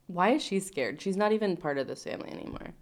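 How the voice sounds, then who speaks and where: A woman with a notably low voice co-hosts a casual recap podcast. She chimes in with blunt, dry remarks and easy agreement. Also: lively intonation, fast. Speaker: podcast co-host.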